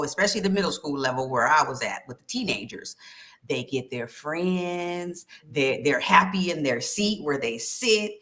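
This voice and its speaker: A woman, a former middle school teacher, being interviewed on a livestream, telling lively stories and acting out voices. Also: lowish voice. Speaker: guest author and former teacher.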